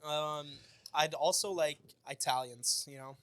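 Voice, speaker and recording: A man's voice: on the high side, fairly even intonation, measured pace, a bit bright, smooth, no echo. A Canadian man co-hosting a podcast in laid-back casual chat, laughing often. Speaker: podcast co-host.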